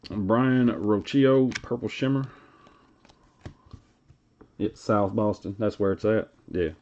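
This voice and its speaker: A man's voice: on the low side, takes it slowly, a little mellow. A man with a Tennessee Southern accent hosting a live card break, reading off player names in a laid-back drawl while chatting with viewers. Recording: lo-fi stream audio.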